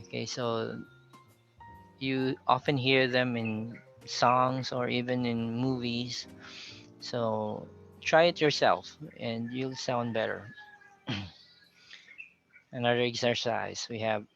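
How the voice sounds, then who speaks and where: Filipino guy teaching english sounds, slow and careful, gravelly bright voice, bit of a dull recording. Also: medium pitch, steady tone, soft background music. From Philippines. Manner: slow, careful model readings of example phrases. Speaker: pronunciation teacher. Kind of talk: accent training lesson.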